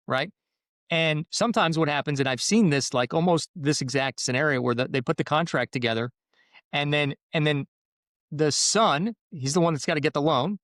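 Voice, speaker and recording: A man's voice: on the high side, normal speed, a bit bright, dry recording, studio quality. A man in the mortgage business explaining home deals in casual podcast chat, rambling with restarts. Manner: rambling, restarts, acts out buyer and seller quotes. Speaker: mortgage professional.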